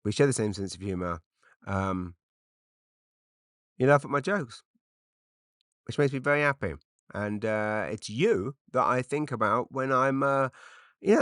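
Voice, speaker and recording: A man's voice: deep voice, a bit bright, no echo, studio quality. A middle-aged man from Britain, a comedian rambling through an unscripted solo podcast with lots of fillers and restarts, self-deprecating.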